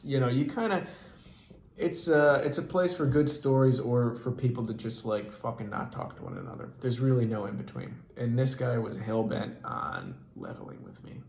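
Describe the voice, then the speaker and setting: Male comedian, stand-up storytelling; profane, animated, exasperated, in a roomy echoey space. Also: medium pitch, moderate pace, vocal fry.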